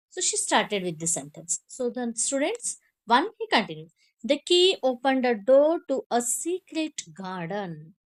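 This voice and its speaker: A woman with an Indian English accent, explaining a textbook lesson as a teacher. She repeats words slowly for pronunciation drills and sometimes corrects herself. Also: on the high side.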